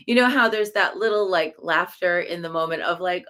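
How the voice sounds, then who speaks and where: A woman giving a relaxed spoken teaching, slow and searching, with fillers and soft laughs and chanted syllables as examples. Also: on the low side. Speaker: Buddhist teacher.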